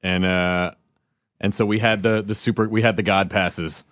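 A man's voice: low voice, normal speed, no echo, clean studio sound. A man hosting a podcast in casual chat, joking playfully with his co-host. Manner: playful, jokey, lively delivery.

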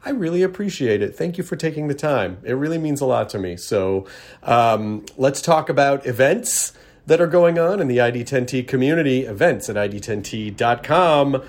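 A man's voice: mid-range voice, animated, normal speed. A middle-aged man from Tennessee hosting a podcast in casual, rambling chat, self-deprecating and restarting his sentences. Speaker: podcast host.

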